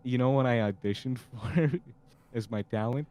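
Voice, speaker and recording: A man's voice: medium pitch, moderate pace, darkish tone. A man hosting a casual podcast over a voice call, laughing often and joking with his friends. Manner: laughing, joking, improvising characters. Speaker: podcast host. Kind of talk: casual chat with improvised voices.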